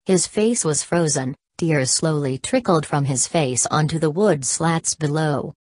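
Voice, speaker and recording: A woman's voice: low voice, a little slow, a little mellow, no room sound, studio quality. A woman narrating an audiobook, reading every punctuation mark aloud. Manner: reads punctuation marks aloud.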